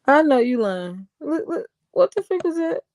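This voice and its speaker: A woman's voice: sits high, big pitch swings, normal speed, a little mellow. A woman giving casual reaction commentary in a sarcastic, mocking tone, talking back at what she watches. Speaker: online commentator.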